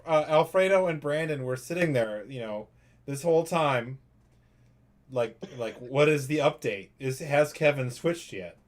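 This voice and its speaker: A man's voice: medium pitch, lively intonation, unhurried. A man hosting a live stream, chatting casually and joking as he thinks aloud while writing music. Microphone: USB studio microphone.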